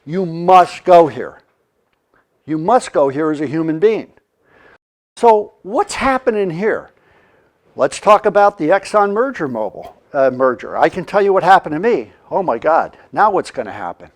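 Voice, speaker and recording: A man giving a motivational training talk on leadership, animated and leading the listener in call-and-response. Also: on the high side, unhurried. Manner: animated, acts out quoted reactions, leads call-and-response.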